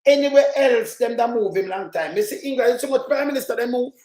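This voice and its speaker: A Jamaican man giving loud, mocking political commentary, often shouting. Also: very high-pitched, animated, quick pace, reverberant. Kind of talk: ranting commentary over clips.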